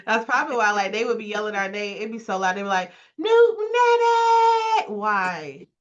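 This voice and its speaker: A woman's voice: medium pitch, quick pace. A woman co-hosting a casual podcast chat, telling stories animatedly and acting out voices with laughter. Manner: animated storyteller who acts out voices with laughs. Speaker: podcast co-host. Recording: dull lo-fi recording.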